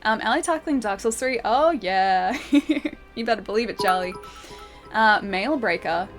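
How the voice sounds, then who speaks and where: A woman's voice: mid-range voice, lively intonation, a little slow, soft background music. A young Australian woman chatting casually while livestreaming a game, giggling often and answering her chat. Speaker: streamer. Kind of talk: live game stream chat.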